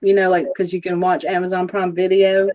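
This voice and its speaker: A woman's voice: fairly low pitch, flat delivery, a little fast. Chatty woman running a jewelry sale stream, laughs a lot, muffled lo-fi sound. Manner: chatty, laughs often, describes items with many fillers. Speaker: host of an online jewelry sale auction. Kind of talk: casual livestream chat. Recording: dull lo-fi livestream audio.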